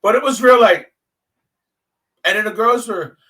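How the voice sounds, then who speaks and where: A man hosts his own podcast alone, telling stories in animated, profane, casual talk and acting out what people he met said. His voice is high and unhurried, and the mic sounds distant.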